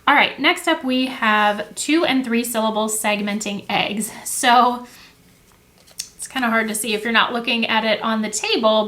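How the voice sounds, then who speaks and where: A woman's voice: on the high side, bright, forceful tone. A young woman teacher talking casually and in a friendly way to camera as she explains classroom activities. She fills her talk with "um" and "like" and often corrects herself. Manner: friendly and chatty, with filler words and self-corrections. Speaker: teacher and education video host. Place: indoors at a table with materials. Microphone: camera close to the table.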